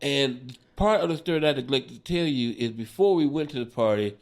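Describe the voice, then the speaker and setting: On a podcast, a male comedian in his forties spins a wild, profane tale from the road with lots of animation, laughing throughout. He speaks briskly in a mid-range voice.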